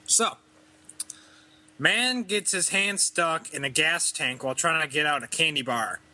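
A young man co-hosting a casual podcast reads odd news stories aloud in a higher, sharp-toned voice, speaking a little slowly. He giggles and stumbles over the words as he goes.

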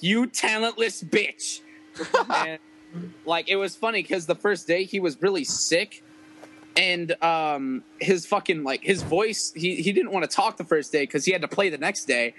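A man's voice: a little high, normal speed, fairly bright tone, poor audio. A young man telling stories in casual, profane chat, rambling and laughing often. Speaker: podcast guest musician.

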